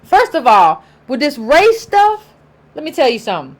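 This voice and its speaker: A woman's voice: sits high, wildly swooping pitch, moderate pace. A woman with an African American accent giving an emphatic opinion monologue, repeating her points and acting out imagined quotes. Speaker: political commentator vlogger.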